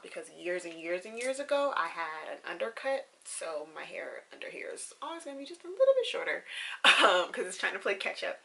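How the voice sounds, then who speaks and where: A young woman talks casually to her camera in a rambling, filler-laden vlog. Her voice is bright and forward, with a gravelly fry running through it, and she turns tearful and gushing as she goes. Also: lowish voice. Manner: chatty and rambling with many fillers. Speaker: vlogger.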